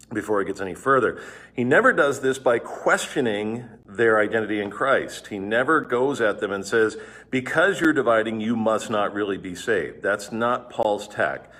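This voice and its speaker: A man's voice: on the low side, moderate pace, fairly bright tone. A male pastor giving a devotional Bible teaching, explaining scripture verse by verse in an earnest, explanatory way and reading passages aloud.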